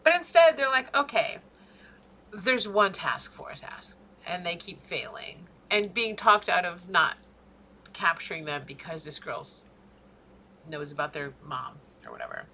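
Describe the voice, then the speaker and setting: A woman's voice: lowish voice, big pitch swings, normal speed, bright, forceful tone, slight background noise. A woman co-hosting a podcast in casual chat, telling a story as a profane, worked-up rant. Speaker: podcast co-host.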